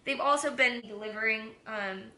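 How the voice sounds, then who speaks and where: A young woman with a bright, forceful voice talks loosely and giggles between stories as she cooks. She swears without a second thought. The kitchen rings with echo, and a faint room hum sits behind her. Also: a little high, normal speed. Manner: candid, giggly and profane. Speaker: vlogger. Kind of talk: casual chat. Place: home kitchen.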